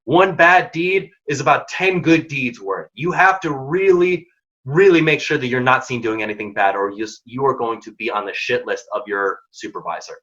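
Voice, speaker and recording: A man's voice: mid-range voice, lively intonation, moderate pace, fairly bright tone, dull audio. A man leading a workshop on workplace conflict, speaking directly and energetically, sometimes acting out quoted dialogue. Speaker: workshop presenter. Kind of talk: career advice talk.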